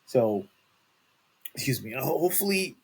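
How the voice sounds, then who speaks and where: A man's voice: mid-range voice, sing-song, normal speed, vocal fry, slightly rough. A man hosting a casual celebrity news podcast, talking in a rambling way with many restarts and fillers. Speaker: podcast host.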